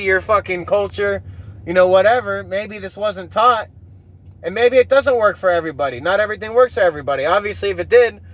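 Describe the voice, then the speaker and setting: Casting: high-pitched male podcaster, loose rambling rant, swears a lot, keeps restarting thoughts. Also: a bit bright. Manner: profane, rambling, with frequent restarts. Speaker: podcast host. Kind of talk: casual rambling monologue.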